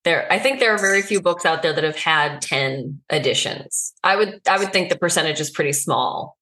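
A woman's voice: sits low, lively intonation, moderate pace, pushed and bright. A woman co-hosting a podcast, telling a story in a candid, easygoing way. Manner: candid, storytelling, laughs easily. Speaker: podcast co-host. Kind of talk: casual podcast chat.

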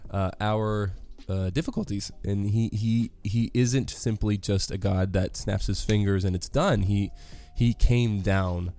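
A man's voice: low voice, dark tone. A man giving a casual devotional talk on a worship song, rambling and correcting himself with many fillers.

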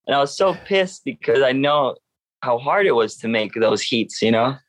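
A man's voice: mid-range voice, normal speed, no echo. A young man, a professional surfer, telling a story in a casual interview, acting out what others said to him. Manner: animated, acts out other people's lines in a raised voice.

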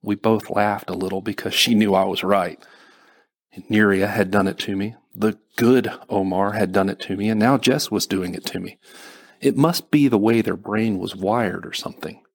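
Guy reading his own novel aloud, low husky voice, slow and steady. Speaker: audiobook narrator and author. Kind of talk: first-person audiobook narration.

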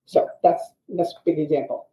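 A woman teaching writing craft, explaining in an animated way with quick asides. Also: low-pitched. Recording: dull, echoey audio.

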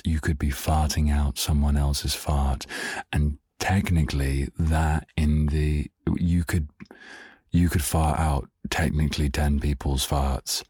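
Husky-voiced man, very deep. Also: a little mellow, no room sound, clean studio sound. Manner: playful, rambling, goes off on tangents. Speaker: podcast host. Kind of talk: casual solo podcast monologue.

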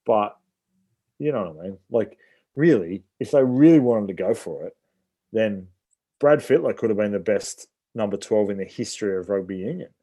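Mellow-voiced man, chatty. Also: fairly low pitch, expressive, normal speed. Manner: chatty, many "like"s and "you know"s. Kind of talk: casual sports chat.

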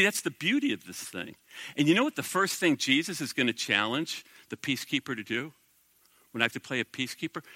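A middle-aged male pastor preaching a sermon in a conversational, animated way, full of rhetorical questions to the congregation. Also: fairly high pitch, no room sound.

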